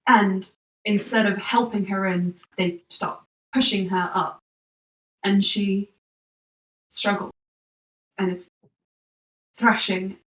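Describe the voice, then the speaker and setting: A woman's voice: medium pitch, little pitch movement, slow pace, long pauses, fairly bright tone, far from the mic. A woman narrating a tabletop game as game master, describing scenes with lots of fillers. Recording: echoey room, voice from off-mic.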